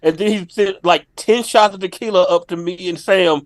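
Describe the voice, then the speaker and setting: A male comedian, a guest on a podcast, telling a story in a lively, laughing way. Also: high voice, normal speed, no room sound.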